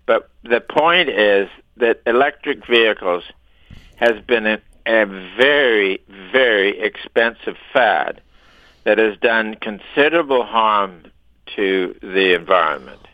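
A man's voice: fairly low pitch, slow pace, no echo, phone-quality sound. A man giving opinionated, sometimes sarcastic commentary as a radio show guest. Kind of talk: casual radio talk.

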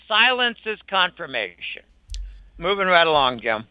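High-voiced, indignant older man. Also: big pitch swings, moderate pace, clean tone, no room sound. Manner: emphatic, indignant, scornful. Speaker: interview guest. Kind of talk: opinionated conversational monologue. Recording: dull lo-fi dry recording.

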